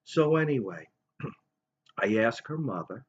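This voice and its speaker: A vlogger in his fifties tells a long, rambling story in a casual monologue, acting out other people's voices along the way. His medium-pitched voice is slightly rough, a little slow, and lively in intonation, and the recording is dull and lo-fi.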